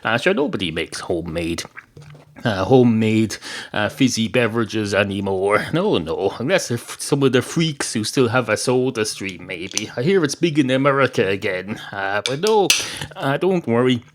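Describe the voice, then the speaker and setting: A man's voice: fairly low pitch, very animated, normal speed. A man hosting a comedy podcast, telling a shaggy-dog joke with constant digressions and self-corrections. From Ireland. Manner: digressive, self-interrupting, full of "uh"s. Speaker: podcast host. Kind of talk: rambling comic storytelling.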